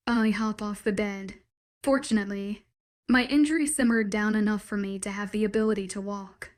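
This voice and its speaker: Brief: female audiobook narrator, soft and intimate, mid pitch. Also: fairly even intonation, normal speed. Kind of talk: first-person audiobook romance narration.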